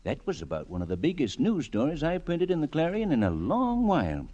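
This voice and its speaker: An actor playing a folksy small-town newspaper editor who narrates a 1940s radio sitcom. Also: male voice, on the high side, huge pitch swings, brisk, dark tone, highs cut off. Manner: folksy, storytelling.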